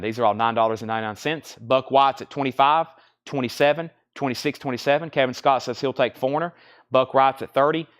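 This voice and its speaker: A man's voice: medium pitch, fairly bright tone. A man hosting a live record sale, rattling off titles and prices with chatty asides. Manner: rapid-fire listing of items and prices, chatty asides. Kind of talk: live-stream auction calling.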